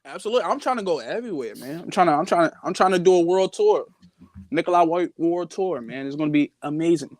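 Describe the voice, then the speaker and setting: A young man chats as a podcast guest with boastful, playful swagger. His voice sits a little high and the sound is dry and close. He talks in loose, animated bursts. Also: quick pace, dry recording. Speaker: guest wrestler. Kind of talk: casual live podcast interview.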